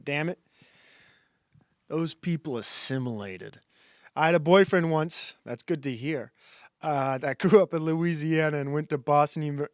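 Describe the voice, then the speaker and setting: A man's voice: on the high side, no room sound, clean studio sound. A man streaming a casual monologue who rambles and halts, with many fillers and restarts.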